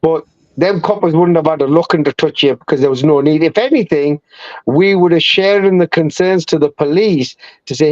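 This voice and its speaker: A man's voice: fairly high pitch, moderate pace, no echo, dull audio. A man from the United Kingdom on a live chat, giving earnest advice on winning people over. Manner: earnest, advising.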